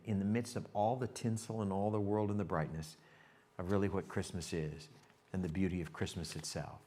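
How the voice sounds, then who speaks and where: A male pastor preaching a sermon, telling a story with animation and talking straight to his congregation. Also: low-pitched. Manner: animated storytelling, shifts to hushed reflection; talks directly to the congregation.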